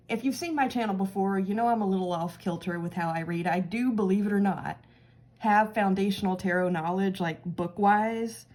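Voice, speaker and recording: A woman's voice: mid-range voice, a little mellow. A woman hosting her own tarot channel, chatting casually and laughing as she talks through a card reading.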